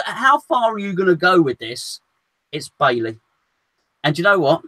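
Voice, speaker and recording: Brief: male co-host, slightly high voice, jokey banter, dry close recording. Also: expressive, a bit bright, no room sound. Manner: joking, quick banter with stumbling restarts. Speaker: co-host of fan show. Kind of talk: casual fan chat.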